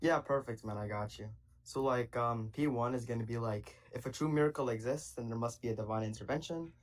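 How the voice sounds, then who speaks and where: A man's voice: medium pitch, a little fast, poor audio. A young man calling into a live debate, talking casually and hesitantly with lots of fillers. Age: young adult. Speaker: caller.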